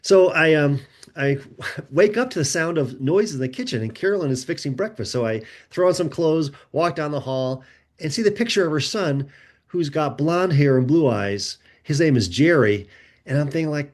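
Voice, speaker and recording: A middle-aged man, a guest author on a podcast, telling personal stories in a lively conversational way and recounting dialogue as he goes. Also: a little high, normal speed. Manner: animated storyteller, recounts conversations in a lively back-and-forth. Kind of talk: conversational storytelling.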